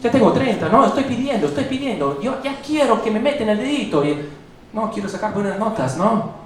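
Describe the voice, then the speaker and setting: A man's voice: high voice, lively intonation, fast talker, noisy background, voice pushed up. A man in his thirties voicing his brash Spanish-speaking alter ego, a swaggering stand-up persona, in a roomy club heard from far off with a crowd. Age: 30s. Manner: bold, swaggering stand-up delivery. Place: comedy club stage.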